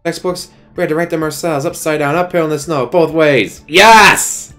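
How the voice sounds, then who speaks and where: A man voicing a gruff, middle-aged drill-sergeant history teacher from a game, barking insults at his class. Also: a little high, fairly even intonation, normal speed, a bit bright, faint music behind, pitched above the performer's own voice, lightly acted.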